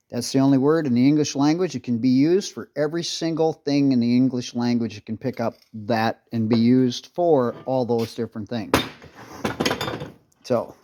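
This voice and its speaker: A man's voice: medium pitch, darkish tone. A man in a workshop talking casually through a tractor repair, blunt and rambling, swearing when irritated. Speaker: restoration video maker.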